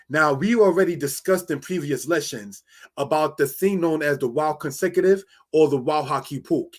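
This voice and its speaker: Man, Bible Hebrew teacher, slightly high voice, slow and repetitive, screen-share lesson. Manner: slow, repetitive, "all right?" and "brothers and sisters".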